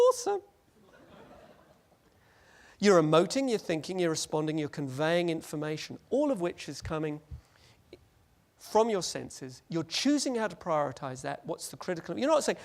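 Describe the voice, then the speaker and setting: A man giving a lively, joking conference presentation and acting out little scenes. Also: high-pitched, moderate pace, vocal fry. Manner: animated, jokey, acts out scenes. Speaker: conference speaker.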